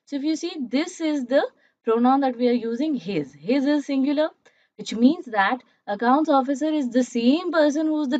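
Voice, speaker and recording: Female grammar teacher, slightly high voice, explanatory, muffled dry recording. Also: darkish tone, no room sound. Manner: explanatory, checks in with "all right?" and "right?". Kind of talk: online grammar lesson.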